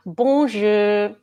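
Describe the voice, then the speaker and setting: A woman's voice: medium pitch, mellow. A woman instructor chatting casually with viewers before a live movement class, laughing often and greeting people by name. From United States.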